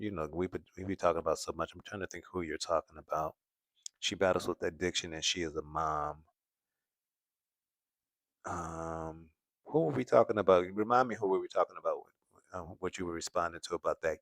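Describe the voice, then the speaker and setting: A man hosting a commentary livestream, reading viewer comments and musing in a relaxed, casual way with frequent laughs. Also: low voice, dry recording, clean studio sound. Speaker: commentary channel host. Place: home in California.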